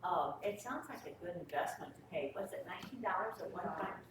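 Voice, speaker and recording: A woman's voice: lowish voice, expressive, fast talker. A woman at a training session asking questions hesitantly, with many fillers. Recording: roomy, distant, noisy room audio.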